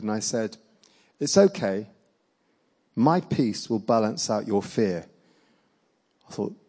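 A man preaching and telling a personal testimony as a story, acting out the dialogue with lively energy and laughing along. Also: medium pitch, rough recording.

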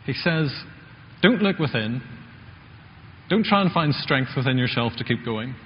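Male preacher, chatty sermon delivery, mid-pitched voice, muffled recording in an echoing church hall. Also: animated, measured pace, a little hiss or hum. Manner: conversational, asks the congregation questions.

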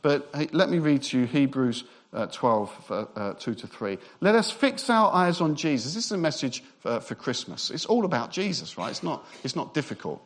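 A man preaching a Christmas sermon as pastor, emphatic and repetitive, with relaxed humorous asides. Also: medium pitch, moderate pace, hardly any pauses. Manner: emphatic, repeats phrases for effect; conversational asides with light humour.

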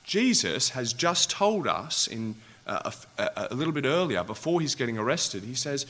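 A man's voice: mid-range voice, very animated, moderate pace, few pauses, bright, forceful tone. A man preaching a sermon, asking his listeners rhetorical questions and growing impassioned.

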